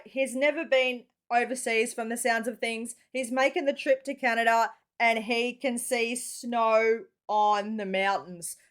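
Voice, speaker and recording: Chatty Australian woman reacting to videos. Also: a little high. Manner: chatty, friendly, lots of Aussie slang. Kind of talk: casual reaction commentary.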